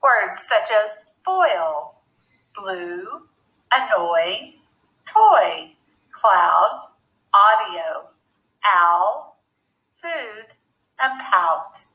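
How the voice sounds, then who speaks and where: A woman teaching a phonics lesson to young children, speaking slowly and clearly with a deliberate teacher's manner. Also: medium pitch, very animated, pushed and bright, rough recording.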